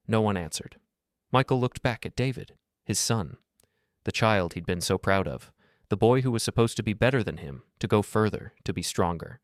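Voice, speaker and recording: A man narrating a scripted drama story in a measured, dramatic way. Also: fairly low pitch, expressive, no room sound, studio quality.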